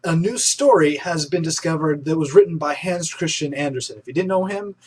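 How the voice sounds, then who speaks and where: Young male host of a casual web news show. Husky, slightly high voice, chatty and excitable, stumbles and restarts often. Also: a little fast. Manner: chatty and enthusiastic, with frequent restarts and fillers.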